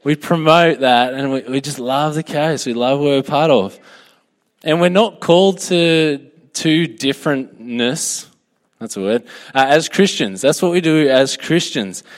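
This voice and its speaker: A man's voice: on the high side, measured pace. Chatty Australian man preaching in a hall. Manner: joking, chatty, asks for a show of hands. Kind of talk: casual sermon to a youth group.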